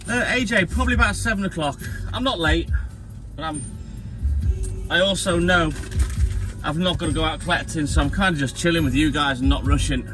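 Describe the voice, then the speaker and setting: A man's voice: fairly high pitch, fairly quick, music in the background. A man livestreaming from his delivery vehicle, chatting casually with viewers, teasing and swearing with frequent laughs. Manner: banters and teases, swears, laughs often. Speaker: milkman livestreamer. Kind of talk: casual live-stream chat with viewers.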